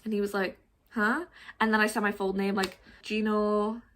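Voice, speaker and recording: A young adult woman telling a story in a casual vlog, animated and swearing, laughing as she goes. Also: mid-range voice, very fast, slight background noise. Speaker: vlogger.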